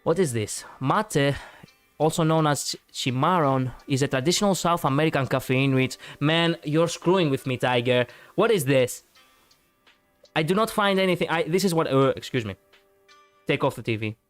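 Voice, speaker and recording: A man's voice: a little high, moderate pace, soft background music. A man chatting casually on a live stream, rambling and reacting to viewers with many fillers.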